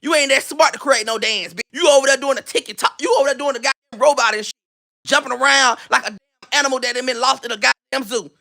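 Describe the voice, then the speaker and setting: Male gossip host, bright tense voice, high pitch, profane trash-talking rant. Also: fast talker, gravelly. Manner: blunt, profane, mocking trash talk; repeats and restarts phrases while searching for a video. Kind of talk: ranting gossip commentary.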